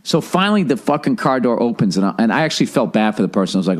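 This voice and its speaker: A man's voice: mid-range voice, big pitch swings, racing. A male comedian and podcast host telling a story in a casual monologue, profane, ranting and incredulous.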